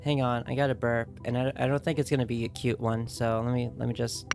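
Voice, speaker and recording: A woman's voice: a bass voice, level tone, fast, music in the background. A woman streaming games and chatting casually with viewers, playful and teasing, often giggling.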